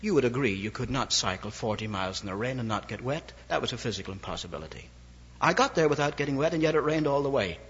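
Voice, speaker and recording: With lively inflection and a wry edge, an older evangelist preacher from Ireland spins an anecdote in his sermon. His mid-range voice is slightly rough and quick-paced, heard through a dull lo-fi recording with long reverb from the hall.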